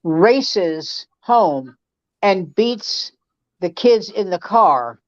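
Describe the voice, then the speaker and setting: Female comic, casual banter, salty and animated; muffled, dry sound. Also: medium pitch, very slow, no echo. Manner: animated, profane storytelling. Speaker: comedian guest. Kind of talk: casual chat.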